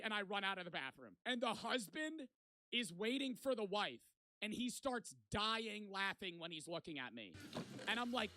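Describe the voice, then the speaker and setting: A man's voice: sits high, moderate pace, no room sound. A young man streamer telling a rambling, profane story to his chat in a casual way. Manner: rambling, profane, animated retelling.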